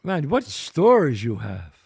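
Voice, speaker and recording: A man's voice: fairly high pitch, huge pitch swings, slow, vocal fry, a little mellow, slightly rough. A man hosting a casual interview chat, mostly chiming in with short reactions to his guest. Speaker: host.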